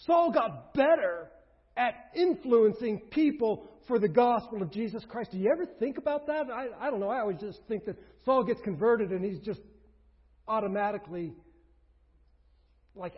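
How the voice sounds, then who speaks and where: A pastor preaching a sermon, emphatic, with rhetorical questions, swinging between loud and hushed. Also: male voice, sits high, animated, moderate pace, husky. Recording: reverberant hall, dull lo-fi sound.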